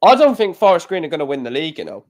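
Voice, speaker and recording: A man with a high voice talks very fast while calling darts scores live on a casual reaction stream. His talk between throws rambles with restarted sentences, and he gets worked up over his football club.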